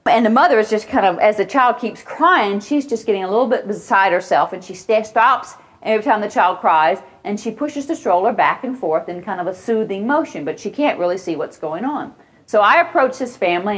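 Woman lecturing with lively storytelling. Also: mid-range voice. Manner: storytelling, acts out children's cries and voices. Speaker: parenting educator. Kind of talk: lecture with anecdotes.

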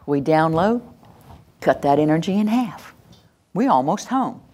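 An older woman presenting a live workshop, lively and demonstrative, acting out examples and leading the audience through exercises. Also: low-pitched, a little slow. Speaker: workshop presenter on calming children. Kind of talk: live teaching talk to an audience.

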